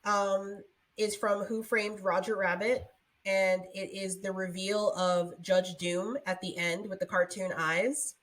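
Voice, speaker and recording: A woman's voice: medium pitch, level tone, slow, a bit bright. A young woman co-hosting a podcast, chatting casually and rambling with many fillers. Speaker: podcast co-host. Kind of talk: casual chat.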